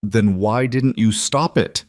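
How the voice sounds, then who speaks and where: A man's voice: on the low side, slow, dry recording, studio quality. A man voicing a young bride, bitter and pleading, her voice rising as she confronts her mother. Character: young bride, raw, angry and trapped woman.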